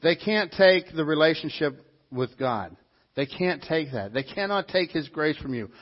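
A male pastor delivers an animated sermon, repeating his key lines for emphasis and slipping into quick impressions of other people. His voice is husky and sits a little high for a man. The recording sounds dull and lo-fi. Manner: animated preaching with mimicked voices and repetition.

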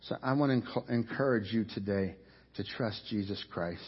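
A male pastor preaching a sermon in a church, emphatic, swelling louder on key points and repeating phrases for effect. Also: lowish voice, moderate pace, slightly rough. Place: church sanctuary. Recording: dull audio with long reverb.

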